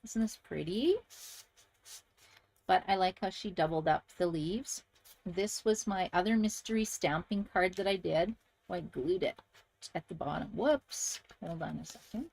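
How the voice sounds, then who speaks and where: A woman's voice: on the low side, measured pace, creaky, a little mellow. A woman hosting a crafting channel, chatting casually and enthusiastically to viewers as she shows handmade card samples.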